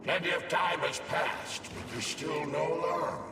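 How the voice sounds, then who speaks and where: A man's voice: fairly high pitch, steady tone, a little slow, recorded from a distance, noisy background, close to an everyday voice. An actor playing a weary, sardonic male survivor trapped in a lab. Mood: bitter. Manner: dry, sardonic. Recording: echoey game audio from afar.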